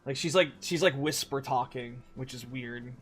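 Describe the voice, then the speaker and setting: A man's voice: mid-range voice, moderate pace, fairly bright tone, soft background music. A young man streaming a game, chatting casually in a rambling, profane way with frequent restarts. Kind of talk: casual gaming stream chat.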